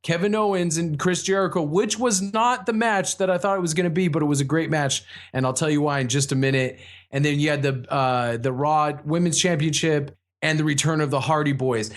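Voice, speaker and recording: A man co-hosting a casual podcast, steering the segments with questions and dry jokes. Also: a little high. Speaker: podcast co-host. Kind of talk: casual chat.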